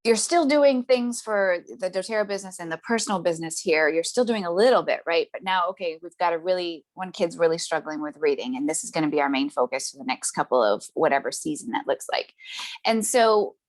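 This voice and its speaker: A woman with a somewhat low voice tells a story as a guest in a casual interview. She talks in a chatty, animated way, full of tag questions and fillers, laughs often and acts out the voices of people she quotes. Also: brisk. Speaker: interview guest, essential oils seller.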